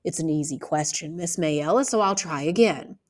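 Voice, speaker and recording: A woman reading aloud, voicing a calm older male lawyer who asks measured, probing questions. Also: low voice.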